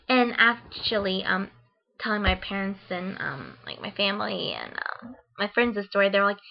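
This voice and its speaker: A woman's voice: mid-range voice, lively intonation, moderate pace, vocal fry. A young woman from Ohio telling a funny story in a casual vlog, chatty and full of "like" and "um", acting out her own reactions. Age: young adult. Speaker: vlogger. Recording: dull lo-fi sound.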